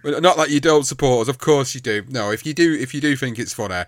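A man chatting as a podcast co-host, his talk loose and full of laughter and stumbling restarts. His voice sits mid-pitch and sounds dry and close to the mic, with no room around it. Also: fast talker, no room sound. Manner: laughing, rambling with many restarts. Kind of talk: casual chat.

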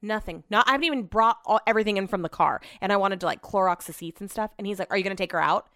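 A woman's voice: medium pitch, quick pace, fairly bright tone, no echo, studio quality. A woman telling a casual story monologue, chatty and blunt, swearing freely as she retells back-and-forth conversations.

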